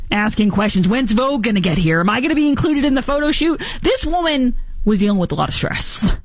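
A woman's voice: medium pitch, dry recording, studio quality. A woman hosting a talk show, delivering sarcastic political commentary in a mocking tone. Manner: mocking, sarcastic, puts on silly voices for impressions. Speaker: radio talk show host.

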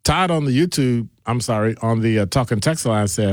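A man hosting an afternoon call-in radio show, bantering and teasing his listeners as he reads their messages. His voice sits at an ordinary middle pitch, recorded dry and close with no room sound. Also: animated, moderate pace, few pauses, no echo. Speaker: radio talk show host.

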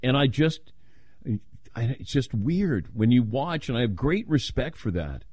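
Older man, radio host, casual chat, lively swooping pitch, dry studio sound, storyteller. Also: a little slow, breathy edge, no room sound. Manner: animated storytelling, playful voices when quoting.

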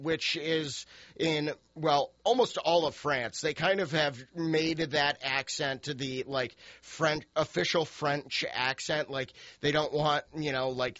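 A man's voice: on the high side, fairly bright tone, no room sound, highs cut off. A man hosting a radio show, musing casually in a rambling, hesitant way with many fillers. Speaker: radio host.

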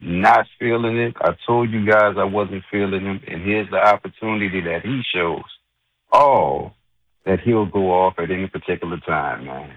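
A man's voice: sits low, moderate pace, no echo. A male caller mockingly complaining about a TV host, heard over a dull line. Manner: mocking, dramatic nicknaming. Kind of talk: call-in rant.

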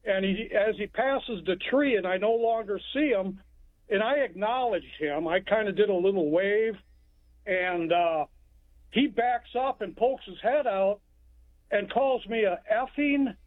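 A man from Texas calling in to a radio talk show, telling a story in a plainspoken, rambling way with halting restarts. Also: high-pitched, no room sound. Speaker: caller. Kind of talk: phone-in storytelling. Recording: phone line.

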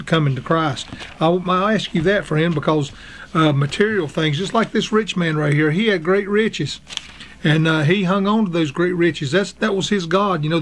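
A man preaching a sermon, earnest and halting, with frequent fillers, reading scripture aloud in old-fashioned wording. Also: a little high. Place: radio broadcast.

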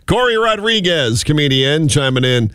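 A man's voice: on the high side, sing-song, normal speed, a bit bright, clear, resonant tone, no room sound, studio quality. A man hosting a radio show, chatting casually and joking between clips.

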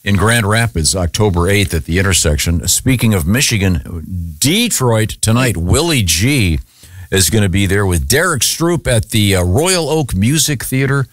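A man hosting a radio show, introducing the guest and reading out event listings in a lively way. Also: fairly low pitch, moderate pace, no echo, studio quality. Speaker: radio host.

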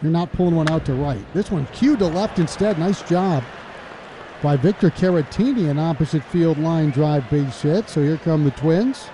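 A man's voice: on the high side, normal speed, a little hiss or hum. Man calling baseball play-by-play. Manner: chatty, laughs between calls, gets loud and excited on big plays. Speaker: play-by-play announcer.

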